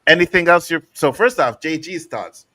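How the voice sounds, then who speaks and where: A man co-hosting a podcast, casually telling animated stories and acting out the people he quotes. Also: fairly high pitch, normal speed, dry recording. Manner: animated storytelling, acts out quotes. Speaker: podcast co-host. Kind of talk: casual chat.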